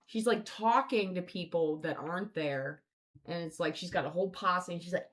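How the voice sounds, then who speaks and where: Profane, rambling woman with a lowish voice. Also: normal speed. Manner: rambling, profane, filler-heavy. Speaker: podcast host. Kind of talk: casual storytelling chat.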